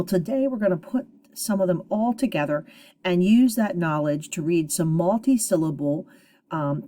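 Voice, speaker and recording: A woman teacher giving a phonics lesson to children, sounding out syllables slowly and encouragingly. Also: on the low side, dark tone.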